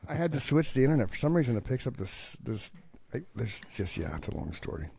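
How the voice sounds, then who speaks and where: A man's voice: mid-range voice, very animated, quick pace, creaky, mellow, slight background noise. A man hosting a live talk show, chatting casually, rambling with frequent restarts and swearing. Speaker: podcast host.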